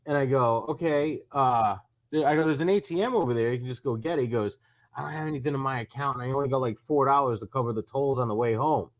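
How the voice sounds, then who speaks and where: A comedian from Rhode Island telling a long story in casual chat, acting out both sides of the conversation. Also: male voice, medium pitch, fast. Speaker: comedian guest.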